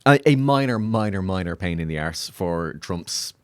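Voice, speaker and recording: A man's voice: normal speed, clear, resonant tone, dry recording, clean studio sound. A man in his thirties from Ireland with an Irish accent, a comedian chatting jokily on a podcast. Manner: animated, jokey, swings up in pitch with laughter. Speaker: comedian guest. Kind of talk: casual podcast chat.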